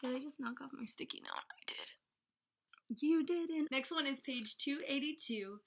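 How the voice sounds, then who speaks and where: A woman's voice: sits high, unhurried, vocal fry, pushed and bright, a little hiss or hum. A young woman giving a chatty, giggly book review in a casual vlog.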